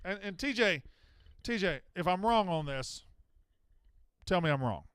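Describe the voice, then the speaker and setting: A man's voice: sits high, fairly bright tone, smooth, no room sound, studio quality. A man hosting a live sports call-in show, blunt and profane, often exasperated with callers. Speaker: sports betting show host.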